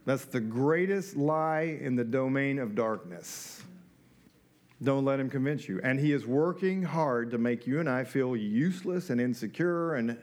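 A man's voice: mid-range voice, darkish tone. A middle-aged man preaching a sermon in a conversational way, with rhetorical questions and joking asides. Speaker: pastor.

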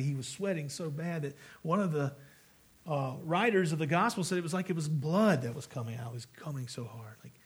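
A man's voice: on the high side, breathy edge. A man preaching a sermon as pastor, earnest and conversational, with frequent restarts.

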